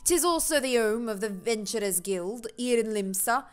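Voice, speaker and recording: A woman voicing a gruff male seafaring innkeeper in a shaky put-on brogue, reading game dialogue aloud. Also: fairly high pitch, expressive, normal speed, a bit bright. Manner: wobbly put-on pirate-style brogue.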